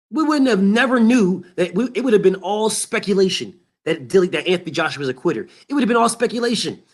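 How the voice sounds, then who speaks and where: A man hosting a boxing show, ranting in a heated, emphatic and profane way and repeating his points. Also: high voice. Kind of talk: boxing commentary rant.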